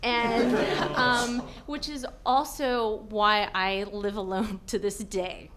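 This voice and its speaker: A young adult woman telling a funny personal story on stage, acting out quotes loudly and animatedly. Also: medium pitch, level tone, slow, very noisy. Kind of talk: live comedic storytelling.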